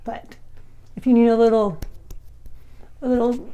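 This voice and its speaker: A chatty, giggly woman with slightly blurred S sounds from clear braces, talking casually to camera from home as a medium. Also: a little high, level tone, a little slow, pauses often, dark tone. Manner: chatty and giggly, many fillers and restarts. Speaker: spiritual medium and channel host.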